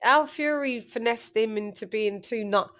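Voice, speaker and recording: A woman's voice: a little high, normal speed, fairly bright tone, no echo, studio quality. A woman hosting a casual boxing watch-along, blunt and profane. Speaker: channel host.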